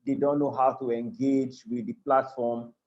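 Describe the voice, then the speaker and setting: A Nigerian-accented man leads a live online class over a video call, his voice at an ordinary middle pitch. He talks earnestly, repeats and restarts phrases, and keeps asking whether his listeners are following. The call audio sounds a little dull and lo-fi. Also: level tone, moderate pace, darkish tone. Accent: Nigerian English.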